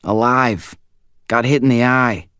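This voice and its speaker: A man voicing a hurried young male guard in an audiobook, speaking in short clipped bursts. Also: medium pitch, fairly bright tone, clean tone, no room sound, clean studio sound, voice pushed up, close to an everyday voice. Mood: urgent.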